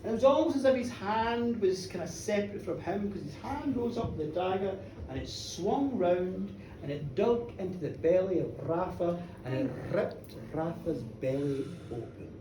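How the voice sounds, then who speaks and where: A woman telling a story live in a pub, chatty and animated, playing to the crowd. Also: a little high, noisy background. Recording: echoey live bar, from a distance.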